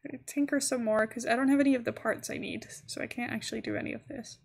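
High-voiced giggly woman streamer. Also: steady tone, fast, vocal fry. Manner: giggly, chatty, talks to chat. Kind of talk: casual gaming livestream chat.

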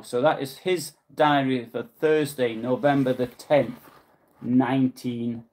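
A man with a Newcastle accent speaks at an ordinary, mid-range pitch while hosting a live history broadcast from his house. He translates old documents aloud in a halting way. He keeps stopping to explain what he has read and to answer viewer comments. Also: steady tone, darkish tone. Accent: Newcastle English. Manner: halting, pauses to explain and correct himself. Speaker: history livestream host. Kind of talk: live-translating a diary and reading chat comments.

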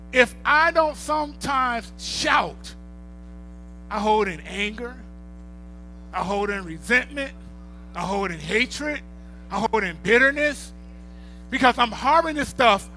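A man preaching a sermon, emphatic and repetitive, swinging from quiet reflection to loud declarations. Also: very high-pitched, low-quality recording.

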